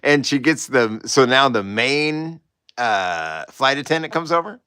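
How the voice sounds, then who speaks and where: Rambling male streamer, bright tone, dry close sound, laughs often. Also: mid-range voice, animated, a little slow, clear, resonant tone, no echo. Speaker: artist hosting a livestream. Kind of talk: casual storytelling.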